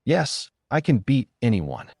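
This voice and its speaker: Male reader doing a loud, boastful teen ninja, slightly higher pitch. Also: big pitch swings, measured pace, gravelly, no room sound, studio quality, full character voice. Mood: brash. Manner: boastful, barking. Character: brash loudmouthed teenage boy ninja.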